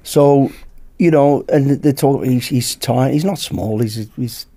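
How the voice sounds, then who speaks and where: Mellow-voiced British man telling a story. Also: mid-range voice, slow. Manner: lively anecdote-teller who acts out dialogue. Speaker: podcast guest, former bodyguard. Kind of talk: storytelling in casual chat.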